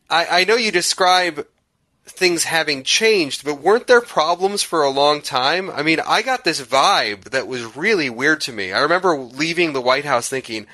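Bright-voiced man asking rambling questions. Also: fairly high pitch, no echo. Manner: rambling, hesitant, full of fillers. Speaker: podcast host. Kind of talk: conversational interview question.

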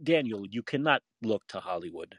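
Brief: male podcast host, lively swooping delivery, dry close sound, opinionated. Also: lowish voice, moderate pace, husky, no echo. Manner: animated, emphatic, opinionated. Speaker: former film critic. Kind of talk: casual call-in talk.

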